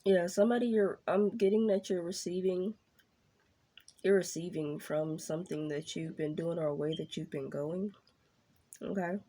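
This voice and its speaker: A woman giving a casual tarot reading straight to her viewers, chatty and excitable. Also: on the low side, normal speed, slightly rough. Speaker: tarot reader.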